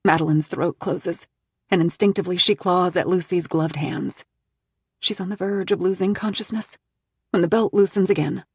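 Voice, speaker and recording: A woman narrating a thriller audiobook in a tense, measured reading on a close studio mic. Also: lowish voice, a little mellow, husky.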